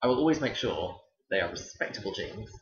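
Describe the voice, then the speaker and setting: Speaking a little fast, this young man has a voice on the low side with lively intonation. He's a teacher spinning stories in a chatty, wry vlog, captured in a dull, roomy home recording.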